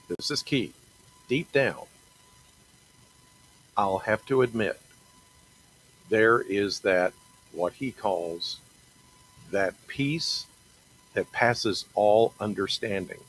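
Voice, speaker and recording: Middle-aged guy talking faith real slow, lowish voice, bit of hiss behind. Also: animated, fairly bright tone, poor audio. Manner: earnest, halting, repeats and restarts, preachy. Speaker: TV meteorologist sharing faith talk. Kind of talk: personal faith reflection, casual monologue.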